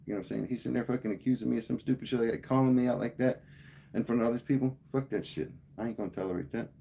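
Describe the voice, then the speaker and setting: A man's voice: mid-range voice, racing, vocal fry, warm tone. A man livestreaming, telling a heated, profane story to his chat in casual speech. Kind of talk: casual rant to live chat.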